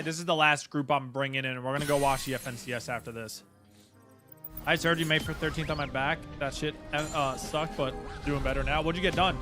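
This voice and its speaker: A man streaming a game live, chatting casually and greeting viewers by name, with faint music behind. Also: mid-range voice.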